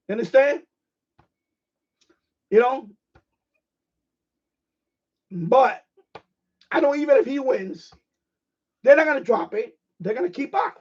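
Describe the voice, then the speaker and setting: A man's voice: very high-pitched, darkish tone, slightly rough. A man hosting a ham radio live stream, ranting in a casual, profane, emphatic way and repeating his points. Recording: dull lo-fi stream audio.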